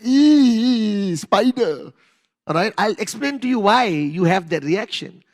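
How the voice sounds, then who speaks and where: A man giving a motivational talk to an audience, telling animated stories, acting out scenes and asking the crowd questions. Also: high-pitched. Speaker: motivational speaker.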